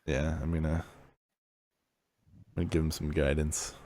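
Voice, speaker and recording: A man's voice: very deep voice, flat delivery, moderate pace, a little mellow, dry recording, studio quality. A man playing in a tabletop game, laid-back and chuckling as he chats. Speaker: player. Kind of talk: casual tabletop game chat.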